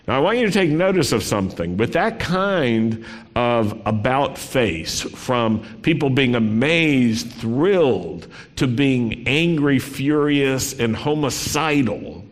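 A man's voice: mid-range voice, sing-song, slow pace. A man preaching a sermon in a conversational style, reading scripture aloud with dramatic expression. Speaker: pastor. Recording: long reverb in a large hall.

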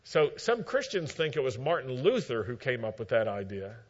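A man preaching a sermon, retelling scripture with emphatic, measured storytelling and dry asides. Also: medium pitch, very animated. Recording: dull lo-fi recording.

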